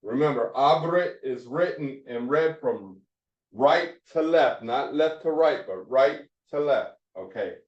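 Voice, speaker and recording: A man teaches a Hebrew phonics lesson to a class, repeating each point and checking in with "all right?" His medium-pitched voice has lively intonation and an unhurried pace. The mic is distant, giving a dull, echoey classroom recording.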